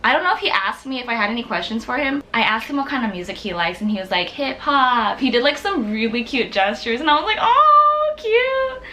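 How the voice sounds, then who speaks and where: A young woman tells a casual vlog story in a bright, sharp voice that sits a little high. She gushes excitedly and fills her sentences with "like." A faint noise hums underneath. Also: fast talker, hardly any pauses. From United States. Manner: excitable, gushing, heavy use of "like". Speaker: vlogger.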